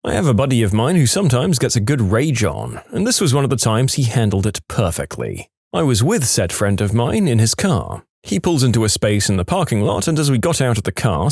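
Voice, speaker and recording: A man narrating funny reddit stories in an expressive, storytelling way. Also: medium pitch, no echo, studio quality.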